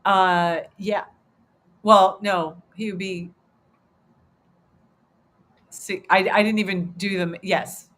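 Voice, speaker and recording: A woman's voice: mid-range voice, fairly even intonation, slow, pauses often, a bit bright. A woman in her fifties hosting a casual livestream chat, talking in an emotional, rambling way with many restarts and fillers. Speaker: host.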